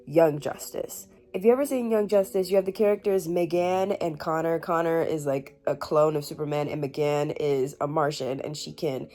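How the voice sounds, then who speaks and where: A woman's voice: low voice, fairly even intonation, moderate pace, few pauses, dark tone. A woman in her twenties reacting to a book in a casual reading vlog, swearing, laughing and shrieking as she reads. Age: 20s. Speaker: book reviewer.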